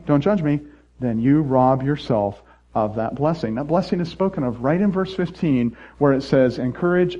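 A middle-aged man preaching a sermon as pastor, playful and animated, jumping from loud mock voices to quiet earnest asides. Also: mid-range voice, dull audio.

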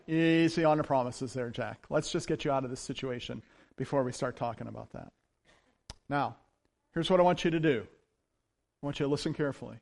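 A man preaching a sermon in a conversational, storytelling way, animated as he speaks. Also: mid-range voice, brisk, gravelly, long pauses. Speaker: pastor.

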